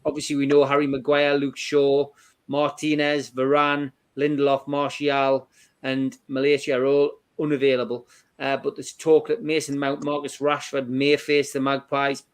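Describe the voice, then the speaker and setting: A man's voice: mid-range voice, completely flat delivery, normal speed, clear, resonant tone. A man hosting a fan football podcast, reading match stats with frequent fillers. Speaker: podcast host.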